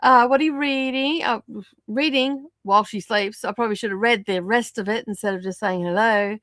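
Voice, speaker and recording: A woman hosting a casual livestream, greeting viewers and chatting, her voice croaky from a sore throat. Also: a little high, a little fast, a bit bright, dry recording, studio quality. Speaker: livestream host. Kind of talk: casual livestream chat reading out viewer comments.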